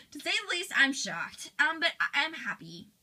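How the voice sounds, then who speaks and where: A woman voicing a hesitant teenage girl who speaks softly with many pauses and "um"s. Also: high-pitched, sing-song, pitched above the performer's own voice, full character voice, low-quality recording. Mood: uncertain. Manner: hesitant, soft, with fillers. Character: hesitant, relieved teen girl Aria.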